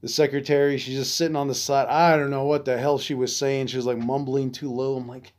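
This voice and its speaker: Blunt, swearing veterans podcast host. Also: male voice, medium pitch, flat delivery, a little fast, hardly any pauses, a little mellow. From Arizona. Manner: loose and profane, retells events with frustrated asides. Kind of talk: casual storytelling.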